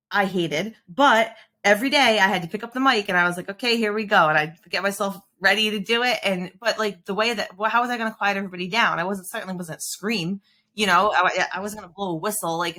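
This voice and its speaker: A woman hosting a podcast, a former principal telling stories in a casual, animated way with laughs. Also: medium pitch. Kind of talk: casual conversational interview.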